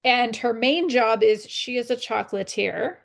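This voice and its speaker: Podcast co-host, woman from Canada, gravelly texture, chatty storyteller. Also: fairly high pitch, a little slow. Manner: chatty, laughs often, storytelling. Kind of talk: casual chat.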